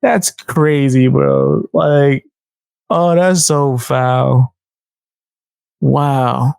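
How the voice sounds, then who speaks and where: A man's voice: mid-range voice, expressive, very slow, creaky, darkish tone, smooth, no echo. A man hosting a reaction commentary, mocking and incredulous, full of slang. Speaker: commentary host.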